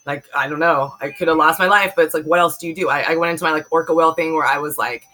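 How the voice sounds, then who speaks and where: A woman's voice: low-pitched, racing, hardly any pauses, a bit bright, poor audio. A woman in her forties from the Bay Area, telling a personal story in a candid, rambling way full of fillers. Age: 40s. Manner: rambling, emphatic, many fillers. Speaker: vlogger telling a personal testimony.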